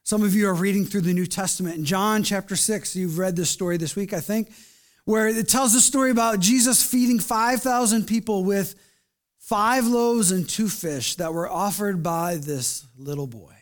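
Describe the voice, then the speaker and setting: A man preaching to his congregation with earnest, pleading warmth and a slightly higher-than-usual voice. He often sinks into soft, hushed tones when he speaks as if from God or prays. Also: moderate pace. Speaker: pastor. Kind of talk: sermon and closing prayer. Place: church service.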